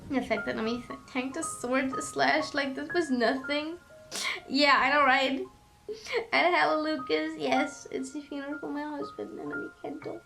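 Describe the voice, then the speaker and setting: A woman's voice: sits high, steady tone, normal speed, gravelly. Rambling young woman streamer over music. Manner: rambling, swears freely, many fillers. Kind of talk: casual chat with stream chat. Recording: music playing under the voice. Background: music in the background.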